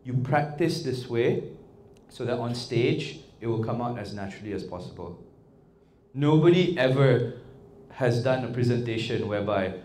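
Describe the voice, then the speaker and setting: A man leading an interactive workshop, talking in an animated, coaxing way and often checking in with the audience. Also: medium pitch, moderate pace. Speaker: workshop trainer. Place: indoor workshop room. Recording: echoey room with faint ambience.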